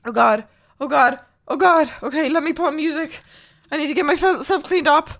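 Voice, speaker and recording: A woman's voice: sits high, brisk, a bit bright. A young adult woman live streamer chatting casually with her viewers, exclaiming and talking straight to chat.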